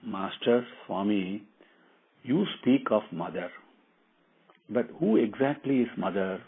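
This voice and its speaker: A man voicing a calm young male prince who asks probing questions, on a tinny phone-like recording. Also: mid-range voice, normal speed, breathy edge. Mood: calmly questioning.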